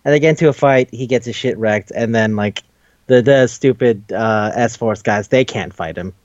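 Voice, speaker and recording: A man's voice: medium pitch, moderate pace, darkish tone, no room sound, highs cut off. A man casually retelling a cartoon episode, swearing, laughing and jumping into the characters' voices. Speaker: podcast host. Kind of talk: casual recap chat.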